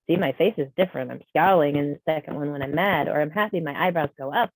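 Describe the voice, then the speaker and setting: Low-voiced woman interpreting a training. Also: fast talker, hardly any pauses, low-quality recording. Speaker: sign language interpreter voicing a deaf trainer. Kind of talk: live spoken interpretation of a training session. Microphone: video call.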